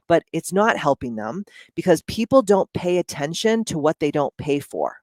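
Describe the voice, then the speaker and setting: A woman's voice: sits low, big pitch swings, normal speed, a little mellow, no echo. A woman speaking in a casual, blunt monologue, with frequent swearing and lots of "like".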